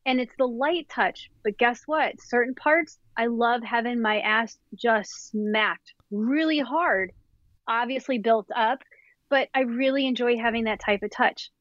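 A fairly high-pitched woman talks openly and eagerly about intimacy as a podcast guest, laughing often. The recording is dry and a little dull, like lo-fi podcast audio. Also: a bit bright, no room sound. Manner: candid, enthusiastic, quick to laugh. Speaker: somatic sexologist guest. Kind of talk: frank instructional podcast talk.

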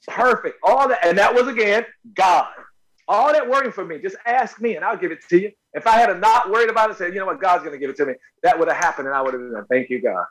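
A middle-aged man with a fairly high voice tells stories from his acting career in an interview. He is emphatic and excitable, and his voice jumps up in pitch and volume when he acts out a moment. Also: low-quality recording. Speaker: actor guest. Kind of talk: animated storytelling interview.

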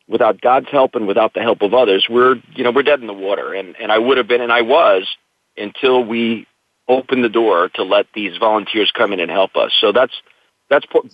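A man's voice: lowish voice, no room sound. A middle-aged man, a guest in an interview, telling his own story in an earnest, reflective way. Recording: tinny dry phone line.

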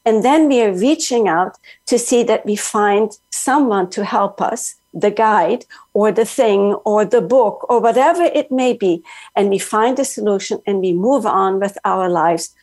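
A woman's voice: medium pitch, a little slow, a little mellow. A woman author speaking as a guest in an earnest, flowing motivational style. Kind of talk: motivational talk.

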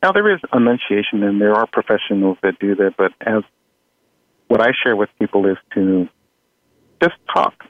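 A man's voice: on the low side, normal speed, no echo. Man on a tinny call line. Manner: relaxed, chuckling, many fillers. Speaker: audio engineer guest. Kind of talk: conversational interview.

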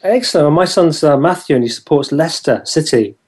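A man's voice: a little high, animated, quick pace, a little mellow. A man hosting an interview, asking friendly, encouraging questions with a lot of hesitant fillers. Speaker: podcast host.

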